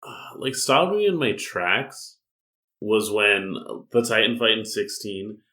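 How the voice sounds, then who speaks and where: A man co-hosting a games podcast, talking in a relaxed, hedging way. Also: fairly low pitch, a little slow. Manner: relaxed, hedging with likes and ums. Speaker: podcast co-host. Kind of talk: casual chat.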